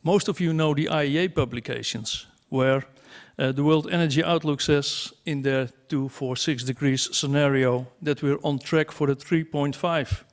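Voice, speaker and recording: A man's voice: on the high side, moderate pace, few pauses. Wry man speaking at a conference. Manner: wry, self-mocking, with asides and rhetorical questions. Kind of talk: conference talk to an audience. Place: conference hall.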